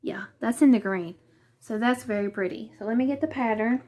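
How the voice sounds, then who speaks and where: Chatty Southern woman, slightly high voice. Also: brisk, dark tone. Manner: chatty, hesitant, thinking aloud. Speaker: vlogger. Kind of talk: casual unboxing chat. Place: living room.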